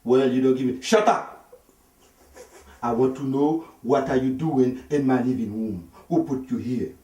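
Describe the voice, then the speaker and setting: Brief: male comic doing an angry African husband, high and loud, heavy accent, echoey room heard from afar. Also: distant mic, lightly acted. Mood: furious. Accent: African English. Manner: shouting, threatening, slow emphatic. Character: jealous, menacing African husband confronting an intruder.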